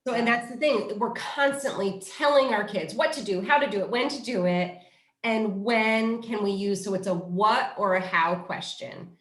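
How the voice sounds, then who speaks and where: A woman running a parenting workshop, demonstrative and instructive as she explains. Her voice sits at a middle pitch and carries some room echo. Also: normal speed. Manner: demonstrative, instructive, switches between commands and coaching questions. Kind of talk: interactive parenting workshop role-play.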